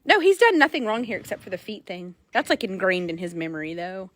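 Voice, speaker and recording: A woman horse trader chatting casually in a barn, jokey and animated, often swearing. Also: mid-range voice, fairly quick. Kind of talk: casual chat.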